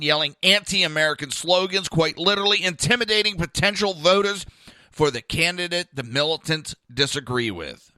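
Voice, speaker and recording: A man's voice: on the high side, sharp tone, clean tone, no room sound, studio quality. A man hosting a podcast with casual, blunt and crude commentary, recorded at home. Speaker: podcast host. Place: home room by a window. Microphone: camera mic.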